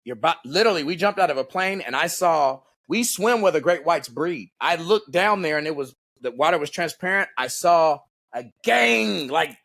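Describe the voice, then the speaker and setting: Animated, profane man with high, gravelly voice. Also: moderate pace, few pauses. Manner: profane, animated, laughs a lot, does voices. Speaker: guest, former Navy SEAL. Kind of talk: casual podcast storytelling.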